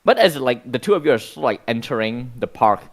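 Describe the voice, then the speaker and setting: A man's voice: mid-range voice, very animated, fast talker. A man running a tabletop superhero game as its game master. He narrates in a loose, rambling way, full of "like" and restarts. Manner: rambling, many fillers.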